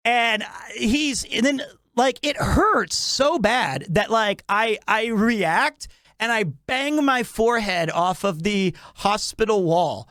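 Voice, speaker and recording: A man's voice: very high-pitched, expressive, takes it slowly, fairly bright tone, no room sound, studio quality. A man telling a comedic anecdote, acting out his own reactions with laughter. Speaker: podcast guest storyteller.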